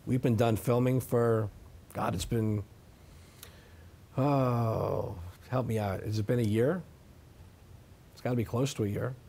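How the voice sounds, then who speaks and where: A man's voice: medium pitch, steady tone, unhurried, gravelly, pauses often, warm tone, breathy edge. A man in his thirties answering interview questions in an emphatic, defensive way, often adding "okay?". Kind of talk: sit-down interview.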